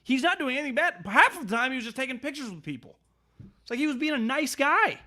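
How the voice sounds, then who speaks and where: A man's voice: extremely high pitch, lively intonation, fast talker, sharp tone. A man co-hosting a casual sports talk show, bantering loosely with plenty of swearing. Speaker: co-host.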